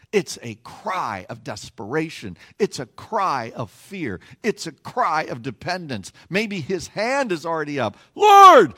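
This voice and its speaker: A man's voice: on the high side, fairly bright tone. A man preaching a sermon from a stage platform, telling a story with playful asides. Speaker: pastor.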